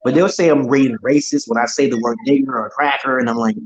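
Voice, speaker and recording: A man's voice: mid-range voice, fairly even intonation, quick pace, slightly rough, low-quality recording. A man hosting a casual call-in livestream, rambling and crude, with stammering restarts. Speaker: livestream host. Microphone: online stream call.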